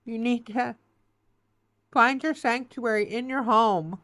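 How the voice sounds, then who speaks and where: A woman's voice: on the high side, takes it slowly, fairly bright tone, no room sound. A woman reads tarot to her listener, her voice tearful and close to breaking. She comforts and urges by turns, repeating phrases and checking in with "okay?". The sound is dry and close, with no room around it. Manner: emotional, reassuring, repetitive, says "okay" and "baby". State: close to tears. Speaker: tarot reader. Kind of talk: spoken tarot reading.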